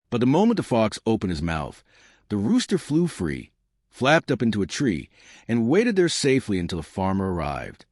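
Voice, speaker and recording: A man narrating scripted jokes in a lively storytelling manner. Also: lowish voice, normal speed, no echo, studio quality. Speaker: joke narrator.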